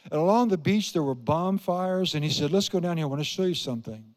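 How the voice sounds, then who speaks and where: A man's voice: fairly high pitch, expressive, fast, darkish tone, in a large hall. A man in his seventies from Iowa, preaching a sermon as a pastor, telling stories with emphatic repetition and questions to the congregation. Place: church sanctuary.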